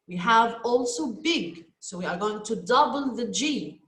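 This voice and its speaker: A woman teacher with an Egyptian Arabic accent speaks slowly and patiently, repeating each word for young learners. Her voice sits a little high. The recording is roomy and echoey. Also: expressive. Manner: slow, patient, repeats words for students. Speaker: English teacher. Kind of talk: recorded online lesson for children. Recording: echoey room.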